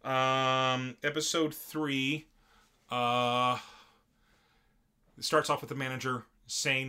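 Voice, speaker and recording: A man's voice: medium pitch, drawn-out words, long pauses, clear, resonant tone. A man co-hosting a casual chat, recapping an episode and putting on silly voices for the scenes. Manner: lively, uses silly voices when retelling scenes. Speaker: podcast co-host.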